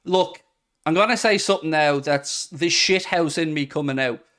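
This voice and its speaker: Male streamer, 30s, candid and self-mocking, clean smooth tone, reads out viewer comments. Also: fairly high pitch, moderate pace, a bit bright. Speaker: football podcast host. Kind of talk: live-stream chat reading viewer comments.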